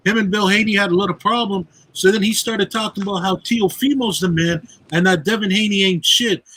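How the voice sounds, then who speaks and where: Heated man with a husky voice. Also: high-pitched, fairly even intonation, fairly quick, sharp tone, poor audio. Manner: heated, accusing rant with cursing. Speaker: call-in guest. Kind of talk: casual chat.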